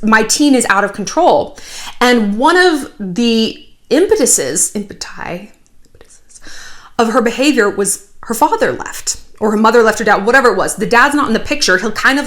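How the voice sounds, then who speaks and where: A woman in her thirties hosting a casual commentary vlog, chatty and animated with sarcastic asides. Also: a little high. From United States. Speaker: YouTube commentary host.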